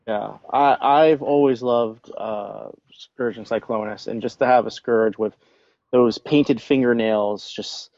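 A man speaking in casual podcast chat, fond and enthusiastic but halting. His voice is at a middle pitch. The sound is dry and muffled. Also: steady tone, darkish tone, dry recording.

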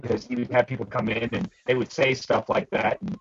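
Gravelly husky man telling stories. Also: a little fast, dull audio. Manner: animated storyteller, jumps high for quoted shouts. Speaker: podcast co-host. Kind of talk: casual storytelling chat.

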